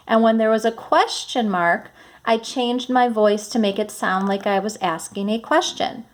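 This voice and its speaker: A woman's voice: medium pitch, a little slow. Woman teacher reading a chapter book aloud. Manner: clear, explanatory, instructive.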